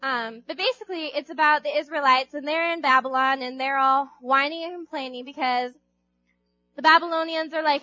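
A woman's voice: sits high, steady tone, moderate pace, pushed and bright, no room sound, muffled recording, soft background music. A young woman giving a casual youth sermon, chatty, acting out Bible characters in little voices. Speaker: youth group speaker.

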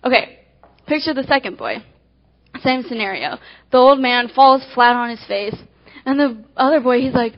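A woman with a high voice delivers a devotional talk, acting out little scenes as she goes. Her storytelling is animated, rushing ahead and then slowing for emphasis. The sound is dull and lo-fi. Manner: animated storytelling, swinging between quick and slow emphasis. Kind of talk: devotional talk with acted illustrations. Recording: dull lo-fi recording.

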